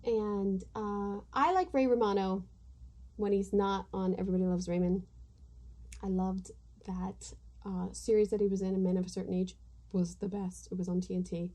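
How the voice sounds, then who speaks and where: A woman's voice: mid-range voice, fairly even intonation, normal speed, dark tone. A middle-aged woman hosting a podcast, chatting casually from home in a rambling, self-deprecating way. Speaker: podcast host. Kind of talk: casual chat. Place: home room with household noise.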